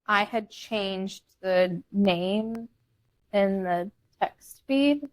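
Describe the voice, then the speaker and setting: A woman's voice: medium pitch, very slow, no room sound. Young woman co-host, blunt and candid, mid-range voice, dry close mic. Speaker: podcast co-host. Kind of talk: casual chat.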